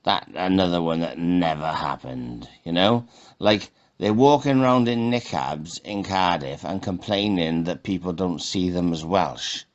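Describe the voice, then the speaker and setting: A man's voice: low-pitched, unhurried, lo-fi sound. A man giving a scornful commentary monologue, mocking and full of rhetorical questions.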